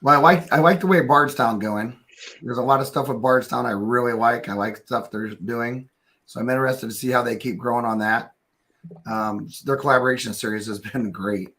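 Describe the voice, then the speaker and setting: A man with a mid-range voice chats easily as one of several panelists. He thinks out loud and pads his points with fillers and small restarts. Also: medium pitch, moderate pace. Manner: easygoing, thinks aloud with fillers. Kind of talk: casual group chat.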